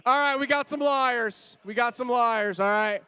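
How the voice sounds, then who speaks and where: A man hosting a party game for a church youth group, playful and teasing, now and then shouting over the room. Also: extremely high pitch, a little slow, smooth.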